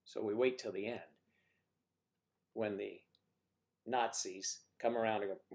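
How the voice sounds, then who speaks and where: A man's voice: on the low side, fairly even intonation, unhurried, gravelly, long pauses, a little mellow. A man hosting a casual livestream chat with guests, rambling and teasing with jokes, talking into a computer mic. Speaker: livestream host.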